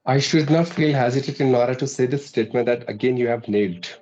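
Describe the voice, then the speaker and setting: Man, mellow voice, interviewer, formal and florid praise, faint music behind. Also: medium pitch, quick pace, highs cut off. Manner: florid, effusive praise with elaborate vocabulary.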